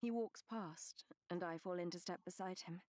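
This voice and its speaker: A woman reading a first-person novel as an audiobook narrator, measured and expressive. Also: lowish voice, no room sound, clean studio sound.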